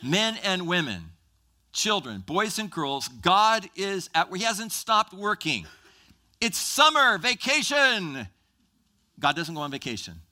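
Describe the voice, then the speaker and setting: A man's voice: high-pitched, very animated, measured pace, pushed and bright. A man preaching a sermon in a church, teaching from Scripture and acting out the voices of Bible characters. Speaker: pastor.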